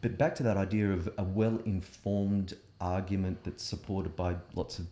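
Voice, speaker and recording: A man's voice: low voice, level tone, normal speed, mellow. A man with a South Australian accent, a coach guesting on a podcast, speaking in a hesitant, thoughtful way. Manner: hesitant, thoughtful, many fillers. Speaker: guest, learning and development coach. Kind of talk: casual interview chat. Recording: roomy echo.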